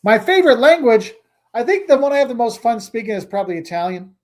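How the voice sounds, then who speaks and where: A man's voice: very high voice, big pitch swings, fast talker. A middle-aged man hosting a casual travel livestream, chatting and rambling as he answers viewer comments.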